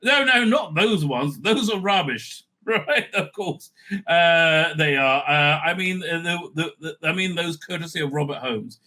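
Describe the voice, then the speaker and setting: Here a man runs a review show at a measured pace, his voice leaning high. His commentary is opinionated and lively, riddled with fillers, restarts, and sarcastic remarks.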